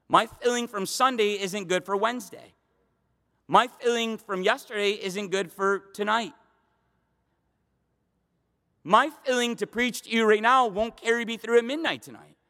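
A male pastor preaching a sermon, emphatic and swinging between loud declarations and hushed asides, in a church. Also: high voice. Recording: long hall reverb.

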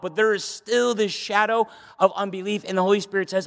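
High-voiced man preaching in a reverberant hall. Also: steady tone, brisk, fairly bright tone. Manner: emphatic preaching, rising to high urgent bursts. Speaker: pastor. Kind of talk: sermon. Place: church sanctuary. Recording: long reverb of a church hall.

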